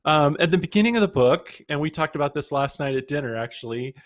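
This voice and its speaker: A man's voice: a little high, expressive, fast. A man hosting an interview, speaking hesitantly with many um and uh fillers. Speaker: podcast host.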